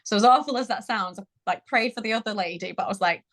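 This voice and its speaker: Brief: woman, thirties, conversational guest, animated storyteller, frequent laughter, mid pitch. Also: fast. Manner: chatty, laughs often, animated retelling. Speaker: guest sharing birth story.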